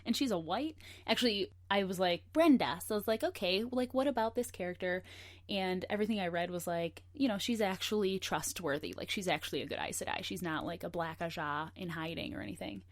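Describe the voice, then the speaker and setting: A woman's voice: lowish voice, quick pace, few pauses. A woman guest on a podcast, chatting casually, laughing often and reading passages from a book aloud. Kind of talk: casual chat.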